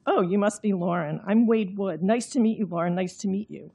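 A woman voicing a jittery office man, hesitant and eager to please, read softly from a novel. The tone is a little husky. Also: medium pitch, fairly quick. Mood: nervous. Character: pale, thin, nervous man colleague.

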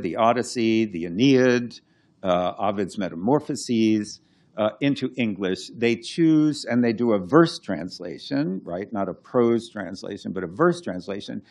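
A man with a fairly low voice explains his translation work off the cuff. He talks in stops and starts, filling gaps with "uh" and "you know", and now and then hums out the beat of a line of verse. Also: a little mellow. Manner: explains slowly with many restarts and fillers, hums out verse rhythms. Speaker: classicist and translator. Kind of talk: unscripted talk.

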